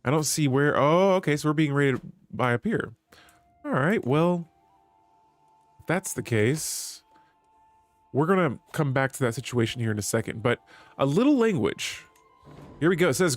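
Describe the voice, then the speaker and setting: A man's voice: a little high, animated, normal speed, long pauses, dry recording, faint music behind. A man streaming a strategy game, chatting with viewers and reading the in-game text aloud. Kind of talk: live gameplay commentary.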